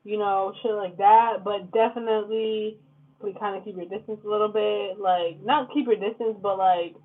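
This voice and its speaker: A woman's voice: medium pitch, fairly even intonation, normal speed. Casting: blunt woman tarot reader, cursing casually, tinny phone-like audio. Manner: blunt, profane, fillers like "like" and "okay?". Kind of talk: casual tarot reading to camera. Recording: lo-fi phone-like sound.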